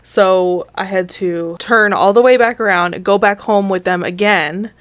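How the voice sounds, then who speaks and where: A woman hosting a game video, chatting casually with rambling, candid storytelling and a tired, low-energy tone. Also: measured pace, no echo. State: tired, low energy after an emotional day. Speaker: gaming video host. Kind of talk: casual chat while playing a game.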